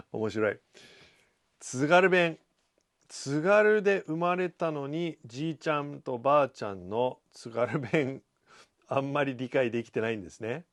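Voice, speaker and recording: Male host, middle pitch, relaxed chatty read of viewer comments on a casual stream. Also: normal speed, long pauses. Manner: breaks into playful high scolding voices. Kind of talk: casual livestream comment reading.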